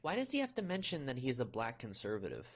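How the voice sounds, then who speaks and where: A woman's voice: extremely low pitch, wildly swooping pitch, fast, husky. A woman ranting indignantly in her own video commentary.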